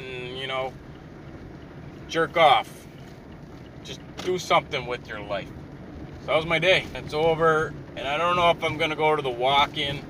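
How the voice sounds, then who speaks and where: Man, frustrated, swearing, rambling rant, slightly high voice, inside a car, clear road noise. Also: sharp tone, far from the mic, rough recording. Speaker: vlogger. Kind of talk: profane ranting monologue.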